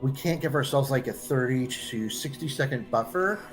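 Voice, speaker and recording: A man's voice: mid-range voice, expressive, moderate pace, faint music behind. Dry-voiced man telling an anecdote. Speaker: player. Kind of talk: casual anecdote at a game table.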